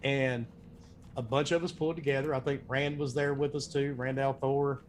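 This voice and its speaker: A man with a Southern US accent, telling a story in a relaxed, rambling way on a podcast. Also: medium pitch, normal speed, slight background noise. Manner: relaxed, rambling, repeats himself. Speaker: podcast host. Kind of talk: casual storytelling at a tribute.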